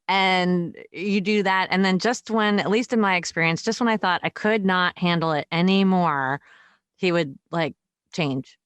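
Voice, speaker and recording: A chatty woman co-hosting a casual podcast, her voice sitting a little low. She talks freely and laughs often between phrases. The recording is dry and close, with no room sound. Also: measured pace, fairly bright tone, clean tone, no room sound. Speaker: podcast co-host. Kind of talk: casual chat.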